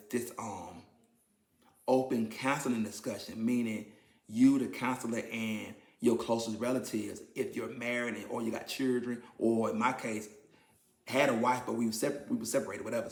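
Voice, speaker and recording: Gravelly man sharing an emotional testimony. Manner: candid and emotional, swings from low to animated. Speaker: vlogger sharing his testimony. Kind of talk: personal testimony to viewers. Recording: roomy echo.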